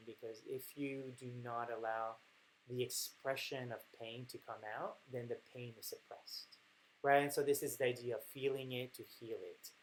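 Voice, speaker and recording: Man, mid pitch, candid halting reflective monologue, lots of fillers, light hiss on the track. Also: poor audio. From France. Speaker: host.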